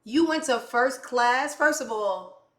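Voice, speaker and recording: Bright-voiced woman ranting in an echoey room. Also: mid-range voice, moderate pace. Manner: heated, swearing, blunt. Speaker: show host. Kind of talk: profane comedic rant commentary.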